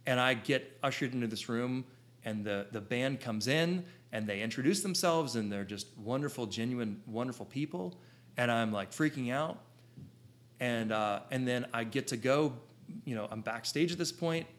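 Man in his thirties, mid-pitched, for an excitable storyteller who rambles and restarts. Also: normal speed. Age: 30s. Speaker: photographer telling his story. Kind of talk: animated personal storytelling to an audience.

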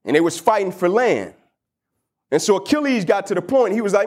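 High-pitched guy giving a pep talk, slangy, keeps asking "right?". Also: animated, fairly quick, husky. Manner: casual slang, rhetorical questions, emphatic retelling. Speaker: motivational speaker. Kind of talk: storytelling motivational speech.

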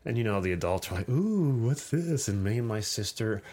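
A man's voice: lowish voice, fairly even intonation, fast talker. Laid-back man telling a story. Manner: swearing, laughing storyteller. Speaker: podcast host. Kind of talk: casual storytelling chat.

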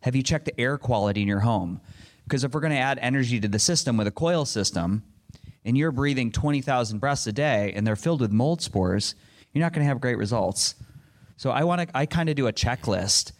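A man's voice: mid-range voice, lively intonation, fairly quick. A middle-aged man answering a panel question in an earnest, rambling way, with frequent restarts. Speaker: panel speaker.

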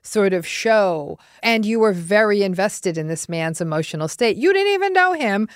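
A woman hosting a podcast interview, reflecting back on a guest's story in a measured, analytical way. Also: mid-range voice, expressive, smooth, no echo, clean studio sound. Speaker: podcast host and psychologist.

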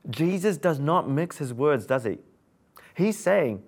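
Male preacher, earnest sermon delivery, fairly high pitch, asks the room questions. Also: lively intonation, a little slow, darkish tone. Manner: earnest, rhetorical questions to listeners.

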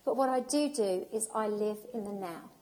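A woman's voice: mid-range voice, moderate pace, darkish tone. A woman giving an emotional, heartfelt personal talk at an event, speaking with emphasis and repetition.

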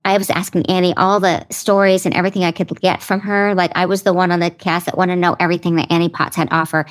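A woman guest on a podcast, chatting casually and telling animated stories. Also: fairly low pitch, fast talker. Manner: animated storyteller, acts out others' lines. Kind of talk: casual conversation.

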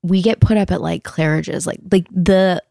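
A woman in her thirties chatting casually, telling lively stories full of "like" and acting out what people said. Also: lowish voice, normal speed, gravelly, no echo, studio quality. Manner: animated storyteller, heavy "like", acts out quotes. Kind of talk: casual chat.

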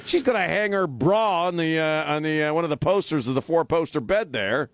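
A man's voice: fairly high pitch, lively intonation, brisk, no room sound. A man hosting a talk radio show, chatting bluntly and jokingly. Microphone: studio mic.

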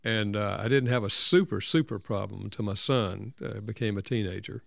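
A counselor and author, an older man, tells a personal story as an interview guest in an earnest, gentle manner. His lowish voice is gravelly with a slight fry, he talks a little fast, and the sound is close and dry with no echo or room around it.

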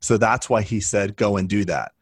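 A man's voice: on the low side, fairly even intonation, moderate pace, husky, no echo. A man coaching a younger colleague in a casual talk, encouraging and telling stories to make his point. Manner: encouraging, storytelling.

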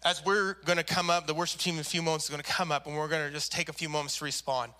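A man's voice: a little high, level tone, racing, bright, forceful tone. A man preaching a sermon, telling a story animatedly and acting out the people in it. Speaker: pastor.

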